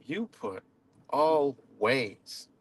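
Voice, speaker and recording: A man's voice: mid-range voice, big pitch swings, extremely slow, fairly bright tone, husky. A man on a live stream, ranting in a heated and confrontational way, swearing often and repeating himself. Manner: profane, confrontational, repetitive.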